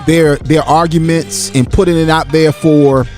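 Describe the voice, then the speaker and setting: Host: man, slightly high voice, opinionated and preachy, repeats words, faint music behind. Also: fairly even intonation, measured pace, darkish tone. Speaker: talk show host. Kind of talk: casual live audio-room talk show.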